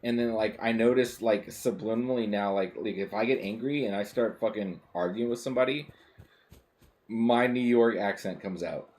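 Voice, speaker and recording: A man's voice: lowish voice, normal speed, darkish tone. A man streaming a game, chatting casually and rambling, with lots of swearing, fillers and restarts. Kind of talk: casual chat while gaming.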